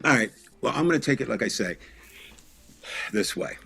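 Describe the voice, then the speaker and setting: A man co-hosting a political talk show, speaking in a measured, storytelling way. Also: medium pitch, lively intonation, creaky, sharp tone. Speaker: podcast co-host.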